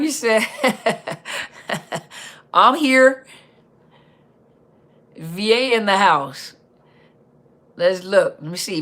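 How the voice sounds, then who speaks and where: A woman hosting a live Q&A stream, chatting casually and reading out viewer comments in an upbeat, chatty way. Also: fairly bright tone. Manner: upbeat, chatty, reads out viewer comments with quick pitch jumps.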